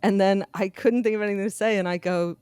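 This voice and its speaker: A woman co-hosting a podcast, chatting casually and telling stories with quick laughs. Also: mid-range voice, clean tone, no room sound, clean studio sound. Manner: animated storyteller, quick laughs. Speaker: podcast co-host. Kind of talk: casual chat.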